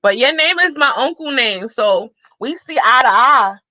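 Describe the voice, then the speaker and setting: A woman chats casually on a live stream, reading comments and giving shout-outs to her viewers. Her voice sits a bit high and rings bright, breaking into excited exclamations now and then. The audio is dull, dry and lo-fi. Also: normal speed, no echo. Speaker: livestream host.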